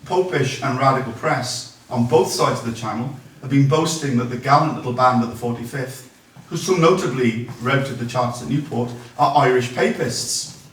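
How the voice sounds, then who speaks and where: A man's voice: medium pitch, moderate pace. A man giving a conversational public history talk, reading quotations aloud between ums and restarts. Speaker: local history speaker. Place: large echoey room, speaking to an audience. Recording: echoey room from a distance.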